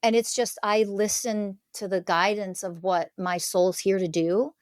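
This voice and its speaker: A woman's voice: medium pitch, steady tone, unhurried, no room sound, studio quality. A middle-aged woman speaking earnestly as a podcast guest, making emphatic declarations about her spiritual teaching. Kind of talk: conversational interview.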